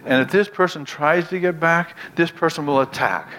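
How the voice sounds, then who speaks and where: A man preaching a sermon who tells stories dramatically, drops into hushed low lines, then rises into raised outbursts, and puts questions straight to the audience. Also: normal speed, a little hiss or hum. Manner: asks the audience direct questions.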